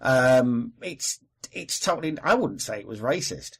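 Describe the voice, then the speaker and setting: Man from Wales, podcast co-host, husky voice, casual opinionated chat. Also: mid-range voice, animated, measured pace. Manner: chatty, opinionated, swears casually.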